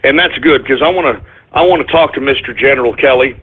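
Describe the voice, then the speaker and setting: Husky man ranting on lo-fi radio. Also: medium pitch, quick pace. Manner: swings between shouting at trolls and forced calm. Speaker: radio show host. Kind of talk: call-in radio rant. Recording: lo-fi internet radio audio.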